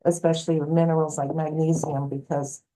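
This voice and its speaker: A woman health coach speaks as an interview guest, her voice mellow and a bit low. She tells her stories with animation, acting out what others said, and gives practical advice in an easygoing way. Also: a little fast, low-quality recording. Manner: animated, acts out quoted voices. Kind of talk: storytelling interview answer.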